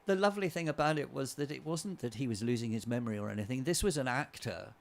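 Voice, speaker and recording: A man, a guest playwright, telling anecdotes on a chat show with animated delivery and frequent chuckles. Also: mid-range voice, fast, vocal fry. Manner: animated storyteller, chuckling often.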